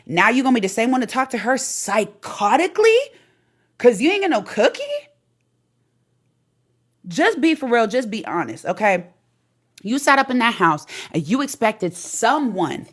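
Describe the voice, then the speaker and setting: A woman vlogger delivering an opinion callout rant in a sassy, profane, animated way. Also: medium pitch, moderate pace.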